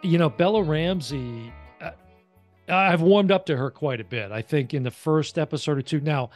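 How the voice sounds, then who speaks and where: A man's voice: on the high side, normal speed, soft background music. A man co-hosting a casual review chat, speaking loosely with lots of "you know" fillers. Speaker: podcast co-host reviewing a TV series.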